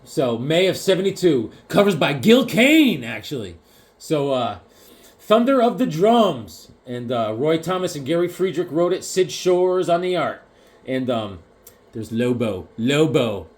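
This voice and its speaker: A man chatting casually about comic books, jokey and animated, now and then acting out the characters. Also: fairly high pitch, a little slow. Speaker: comic collector vlogger. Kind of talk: casual chat.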